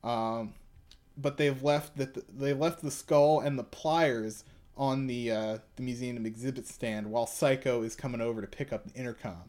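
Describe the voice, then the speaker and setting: A man's voice: medium pitch, steady tone, normal speed, a little mellow. A young man co-hosting a podcast, chatting casually and reading a manga aloud with lots of fillers. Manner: rambling, with many fillers. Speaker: podcast co-host.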